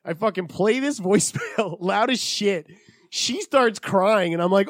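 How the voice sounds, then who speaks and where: A man's voice: high voice, unhurried, no room sound, clean studio sound. A man in his thirties in casual podcast chat, telling a story with lots of swearing and acting out what people said. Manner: profane, animated, acts out quotes. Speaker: podcast co-host.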